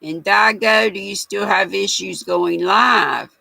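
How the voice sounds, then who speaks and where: A woman's voice: mid-range voice, takes it slowly, creaky, pushed and bright, slightly rough, no echo, rough recording. An older woman hosting a casual livestream, chatty and folksy, reading viewer comments aloud and laughing often. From United States. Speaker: livestream host.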